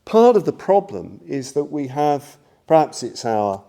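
Warm-voiced older man giving a Dharma talk. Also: on the high side, very animated, a little slow, vocal fry. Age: 60s. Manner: rambling, self-deprecating, many fillers. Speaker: Buddhist teacher.

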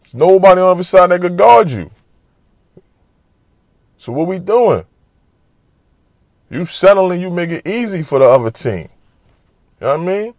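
A man giving a casual, animated, trash-talking basketball monologue full of slang. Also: high voice, normal speed, long pauses, no echo, clean studio sound. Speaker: basketball commentator. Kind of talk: casual sports talk monologue.

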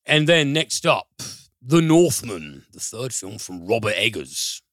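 A man's voice: lowish voice, expressive, normal speed, bright, forceful tone, no room sound, clean studio sound. A man hosting a film podcast, reviewing films in a loose, rambling way, swearing casually and using lots of fillers.

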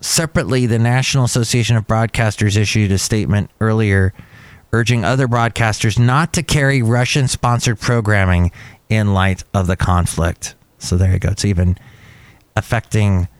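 A man hosting a podcast, musing over the news in casual chat with lively asides. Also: on the low side, normal speed, no echo. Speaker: podcast host.

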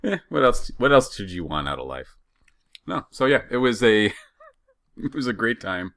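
A man from the western United States, co-hosting a podcast and telling a story in a casual, halting way, with lots of restarts. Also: medium pitch, no room sound, studio quality. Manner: animated, halting, with many restarts. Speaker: podcast co-host.

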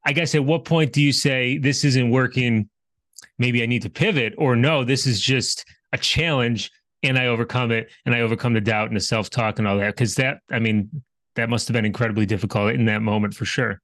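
Male podcast host, searching, rambling questions, dry close sound, mid pitch. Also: steady tone, a little fast, fairly bright tone, dry recording. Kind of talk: interview questions.

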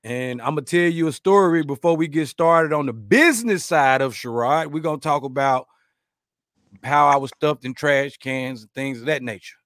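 A man hosting a podcast, chatting casually, joking, rambling through stories and giving shout-outs to listeners. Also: fairly high pitch, moderate pace, dry recording, clean studio sound. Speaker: podcast host.

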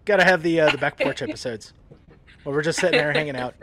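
A man hosting a podcast, chatting casually and laughing often, in a relaxed, joking way. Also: fairly high pitch, quick pace, noisy background. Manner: laid-back, jokey, laughs often. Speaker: podcast host. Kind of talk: casual chat.

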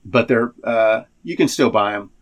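A man's voice: lowish voice, normal speed. A man co-hosting a casual political chat, wry and prone to restarting his sentences.

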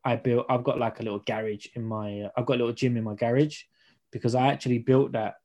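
Young trainer guest, rapid and mellow, casual chat full of slang. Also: male voice, medium pitch, steady tone. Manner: slangy, storytelling, acts out dialogue. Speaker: podcast guest, personal trainer.

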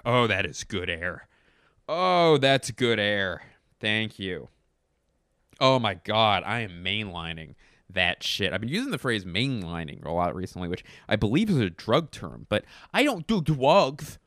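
A man's voice: lowish voice, big pitch swings, unhurried, fairly bright tone, no echo, studio quality. A man hosting a solo podcast from home, rambling, jokey and self-deprecating into a podcast microphone. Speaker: podcast host. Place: home room.

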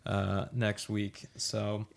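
A man co-hosting a casual sports podcast in an easygoing way, pausing often on "uh". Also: lowish voice, monotone, gravelly. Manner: easygoing, hesitant with many "uh"s. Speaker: podcast co-host.

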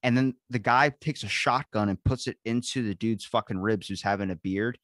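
A man's voice: lowish voice, moderate pace, fairly bright tone, dry recording, studio quality. A man hosting a podcast, telling rambling stories in casual chat, swearing a lot and acting out quotes. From grew up in a beach town. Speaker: podcast host.

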